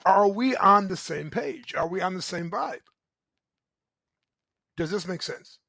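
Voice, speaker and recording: A middle-aged man speaks in a high, ringing voice, loud and emphatic as he coaches his listeners through a motivational talk. He keeps checking in with a quick "right?", and the sound is dry and close. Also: expressive, vocal fry, no room sound, poor audio. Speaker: relationship coach and show host.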